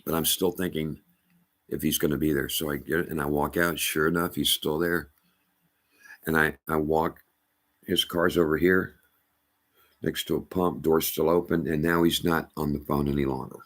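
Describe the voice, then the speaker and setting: A middle-aged man telling a personal story as testimony, halting and emphatic with many restarts. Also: rumbling low, little pitch movement, a bit bright. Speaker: storyteller addressing a rabbi.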